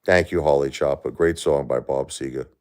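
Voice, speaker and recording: Very deep-voiced man, grieving live host. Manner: halting, repeats words, talks to viewers. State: grieving, stressed. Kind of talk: emotional live-stream chat.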